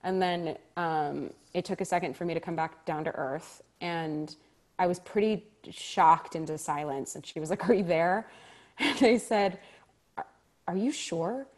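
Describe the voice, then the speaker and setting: A woman's voice: deep voice, a little slow. A woman, a stage actor, telling a story in conversation, acting out quoted dialogue with frequent laughter. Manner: animated, acts out quoted dialogue, laughs often.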